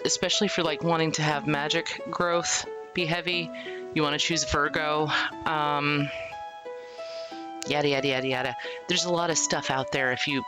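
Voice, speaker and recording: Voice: medium pitch, rough recording. Casual game streamer chatting over music. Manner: casual, rambling with fillers. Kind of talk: live game playthrough commentary.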